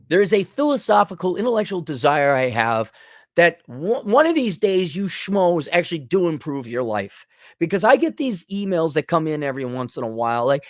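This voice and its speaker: A man's voice: a little high, animated, normal speed, no room sound, clean studio sound. A middle-aged man hosting a livestream, reading super chats in a blunt, sarcastic, mocking way. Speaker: host.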